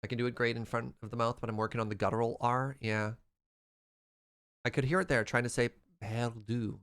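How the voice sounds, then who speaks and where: A young man from Western Canada chatting casually while streaming a game, quick to laugh and reading out chat. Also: medium pitch, fairly even intonation, a bit bright. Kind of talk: casual gameplay livestream chat.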